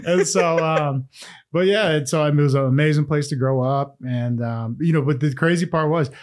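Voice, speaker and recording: A man in his forties from Massachusetts, a former football player, telling stories in a relaxed podcast chat, laughing often and swearing casually. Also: fairly high pitch, moderate pace.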